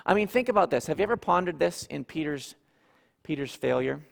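A man preaching a sermon, telling the story slowly and earnestly with dramatic pauses. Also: fairly high pitch, animated, gravelly. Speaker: pastor. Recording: long hall reverb.

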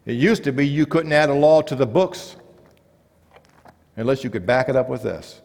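A man preaching a sermon, rising for emphasis and dropping to quiet, low stresses. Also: moderate pace, vocal fry. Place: church sanctuary. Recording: long church reverb.

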